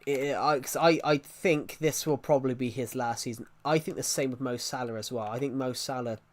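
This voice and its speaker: This young gaming livestreamer speaks fairly quickly in a steady, medium-pitched tone. He chats casually with his live audience, rambling and opinionated, responding to comments from chat.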